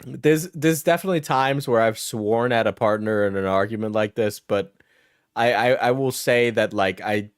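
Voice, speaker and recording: A man's voice: fairly low pitch, normal speed, smooth, dry recording, clean studio sound. A man streamer reacting to a clip, mocking it, laughing often and swearing freely. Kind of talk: casual reaction commentary.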